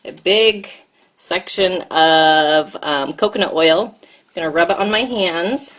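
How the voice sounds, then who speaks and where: Chatty American mom cooking live. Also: female voice, lowish voice, slow pace, fairly bright tone. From United States. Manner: chatty, talks to viewers and kid at once. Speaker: host and mom. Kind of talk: casual live-stream chat while cooking.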